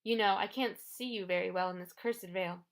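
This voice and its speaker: For an audiobook, a woman voices Medusa, the ancient female monster disguised as a sweet old lady, speaking in a soothing, coaxing purr. Her mid-range voice moves at normal speed and stays close to her everyday sound.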